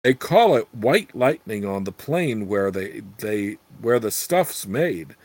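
A man's voice: lowish voice, very animated, slow, darkish tone, slight background noise. A man doing a cackling old witch crone. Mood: brash. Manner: brash, scheming, earthy talk.

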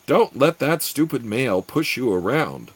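A man's voice: mid-range voice, sing-song, moderate pace, husky, no room sound. A man voicing a monstrous female fungoid demon queen, gurgling and scornful, in an audiobook.

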